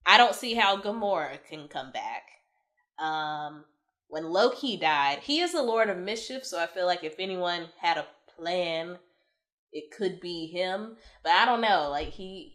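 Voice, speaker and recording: Bright-voiced woman, emotional movie reviewer. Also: on the low side. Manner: emotional, exclaiming, sighing. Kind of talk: casual spoiler review.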